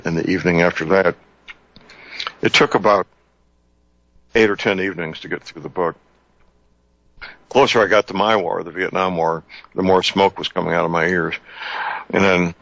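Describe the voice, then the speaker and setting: An older man hosting a call-in radio talk show, speaking slowly and deliberately, repeating key details. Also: low voice, vocal fry, a bit bright, no echo. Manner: slow, deliberate, repeats numbers. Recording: muffled lo-fi radio broadcast.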